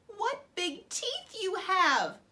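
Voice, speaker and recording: Storybook role: little girl rabbit in a red hood, polite and brave, high bright voice, read by a woman. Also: big pitch swings, a little slow, exaggerated voice. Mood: alarmed.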